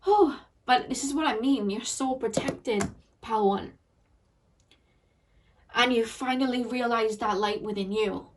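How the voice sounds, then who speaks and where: A woman's voice: on the high side, unhurried, long pauses, far from the mic, a little hiss or hum. A woman giving an emotional, earnest tarot reading to her viewers, repeating phrases and getting teary. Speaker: tarot card reader.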